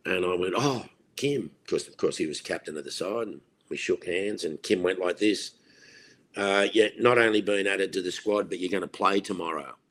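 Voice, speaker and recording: An Australian man in his sixties, a former cricketer, telling lively anecdotes in a podcast interview and acting out the voices of the people he quotes. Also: deep voice, normal speed, a little hiss or hum.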